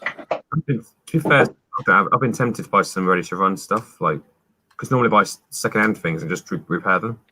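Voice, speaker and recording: A man's voice: deep voice, brisk, sharp tone, a little hiss or hum. A young man chatting casually, hesitant and often stammering. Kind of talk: casual chat.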